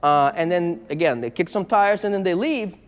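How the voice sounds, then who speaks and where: A man's voice: high-pitched, lively intonation, normal speed, clear, resonant tone, long reverb tail. A man who runs a used car business, talking frankly and bluntly to the camera in a casual vlog and repeating himself as he goes.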